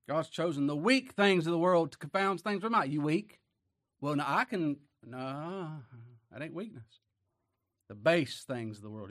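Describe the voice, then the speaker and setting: A man preaching a sermon in a folksy way, asking rhetorical questions and swinging between loud declarations and low, quiet asides. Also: lively intonation, normal speed.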